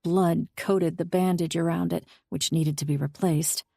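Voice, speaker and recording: A woman reading a first-person audiobook novel in a steady, intimate way. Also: on the low side, a little slow, vocal fry, no echo, studio quality. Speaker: audiobook narrator. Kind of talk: scripted first-person narration.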